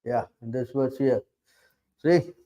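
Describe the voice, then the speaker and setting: Mellow-voiced man preaching with pointed questions. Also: mid-range voice, takes it slowly, lo-fi sound. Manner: challenging, asks rhetorical questions often. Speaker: preacher giving a scripture class. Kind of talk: sermon.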